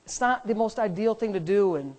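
A man's voice: sits high, animated, a little fast, darkish tone. A man, a pastor, preaching a sermon and driving points home with emphatic repetition.

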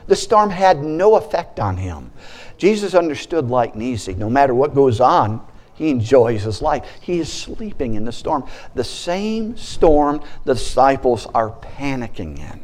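Brief: male pastor delivering a sermon, animated with playful asides and a wide-ranging voice. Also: mid-range voice.

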